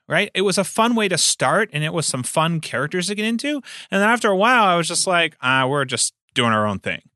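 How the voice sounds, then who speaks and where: A man talks shop about running tabletop games in an easy, chatty way. His voice is bright and forceful, and it swings up and down with energy. The sound is dry and close. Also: sits high, dry recording. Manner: animated, laughs often. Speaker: podcast co-host and game master. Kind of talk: casual chat.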